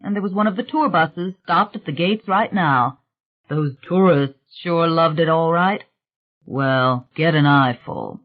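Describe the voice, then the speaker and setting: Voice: medium pitch, a little slow, narrow, tinny audio. An audiobook narrator reading a novel aloud in a conversational storytelling manner. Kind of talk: scripted narration.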